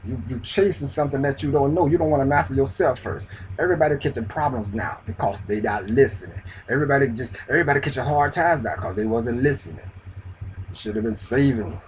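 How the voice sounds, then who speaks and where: A man delivers a profane, preachy spiritual rant, full of street slang and repetition. His voice sits in an ordinary middle pitch. A faint hiss of background noise runs under him. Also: quick pace. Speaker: spiritual video host.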